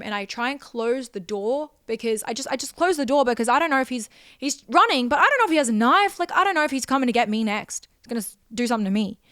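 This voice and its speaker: A woman's voice: on the high side, a bit bright, smooth, no room sound, studio quality. A young woman, hosting a podcast and telling a personal story in an emotional, rambling way full of repeated phrases. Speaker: podcast host.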